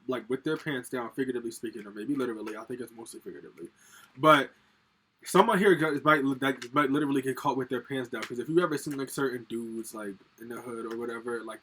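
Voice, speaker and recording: A man talks quickly in a slightly bright, mid-range voice while doing a relaxed pick-a-card tarot reading at home on his laptop, with a little hiss or hum. Speaking straight to viewers, he rambles profanely with lots of fillers and laughs.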